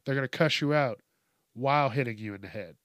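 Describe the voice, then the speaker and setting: A man's voice: mid-range voice, brisk, fairly bright tone, no room sound, studio quality. A man hosting a comedic news show, ranting with heavy swearing and frequent laughter in a mocking tone. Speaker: host. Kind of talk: profane comedic news rant.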